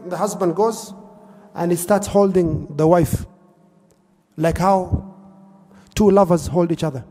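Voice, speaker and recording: A man's voice: high-pitched, warm tone, big-room sound. A man preaching a sermon, telling stories earnestly and mixing in Arabic phrases. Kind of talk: sermon storytelling.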